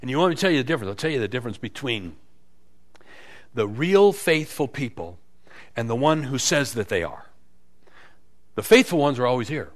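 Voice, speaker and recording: A man preaching a sermon as pastor, animated and emphatic, swinging between quiet stretches and loud peaks, acting out quotes with a sarcastic edge. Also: medium pitch, a little fast, pauses often. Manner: acts out quotes with sarcastic inflection.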